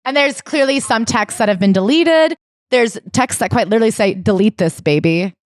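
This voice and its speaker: A woman's voice: on the high side, expressive, a little fast, dry recording, studio quality. A woman co-hosting a podcast, retelling a memoir as comedic recap and acting out the quoted lines. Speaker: podcast co-host. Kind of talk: comedic book-club recap and memoir reading.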